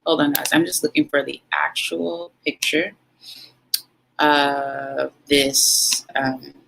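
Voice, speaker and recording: Woman vlogging a story, lowish voice but sharp and punchy, acts out every quote. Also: level tone, slow pace, vocal fry, slight background noise, rough recording. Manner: dramatic, emphatic, acts out quotes. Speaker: vlog host. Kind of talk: animated storytelling vlog.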